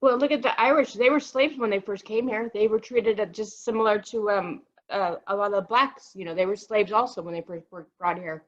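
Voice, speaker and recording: A woman's voice: medium pitch, a little fast, few pauses, highs cut off. A woman student chatting in class discussion, hesitant and agreeable.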